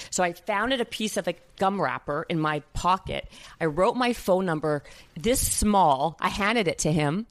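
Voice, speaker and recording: A woman from Canada tells a long personal story in a casual interview. She speaks in a slightly low, animated voice, stringing her sentences together with fillers and acting out every quote. The sound is close and dry, with no room around her. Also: normal speed, dry recording. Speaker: guest.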